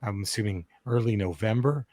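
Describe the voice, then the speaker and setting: A man co-hosting a podcast, telling a story in a casual, profane, animated way. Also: fairly low pitch, fairly quick, dry recording, studio quality. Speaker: podcast co-host. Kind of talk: casual chat.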